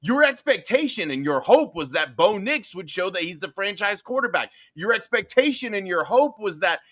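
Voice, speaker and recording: Animated, high-voiced male podcast host. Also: moderate pace, no echo, clean studio sound. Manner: playful, teasing, wordy rants. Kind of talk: casual podcast chat.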